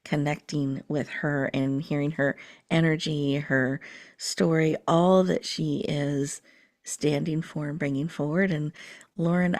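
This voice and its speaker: A woman host leading a slow, soothing guided breathing meditation, sometimes dropping to a whisper. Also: sits low, darkish tone.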